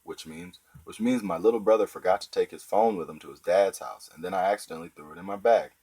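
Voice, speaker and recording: A man's voice: deep voice, fast, a little mellow, breathy edge, poor audio. A man doing a tough schoolboy bully. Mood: anxious, pushy. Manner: blunt and pushy. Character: tough fifth-grade boy bully, worried brother.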